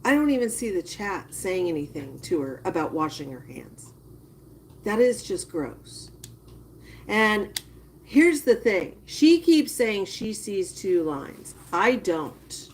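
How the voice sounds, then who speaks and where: Slow-talking woman on a live stream. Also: medium pitch, sing-song, a little hiss or hum. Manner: disgusted, drawn-out reactions while chatting to viewers. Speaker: livestreamer. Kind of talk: casual live-stream commentary.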